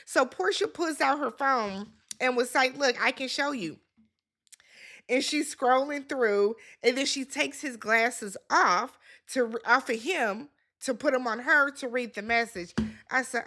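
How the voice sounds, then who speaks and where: A woman talks through a reality show recap in a casual, sassy way. Her voice sits high and sounds bright. She slips into the cast's lines as she tells it. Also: expressive, unhurried.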